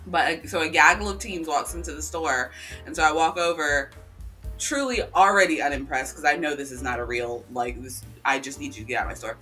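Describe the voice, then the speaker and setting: A podcast co-host in casual chat, telling stories in an animated way with sarcastic asides. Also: medium pitch, fairly quick, husky, soft background music.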